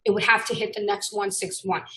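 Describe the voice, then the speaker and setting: A woman teaching a trading lesson in a casual screen-share style, brash and blunt, swearing freely and swinging between loud bursts and muttering. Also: medium pitch, little pitch movement, a little fast, rough recording. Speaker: trading instructor.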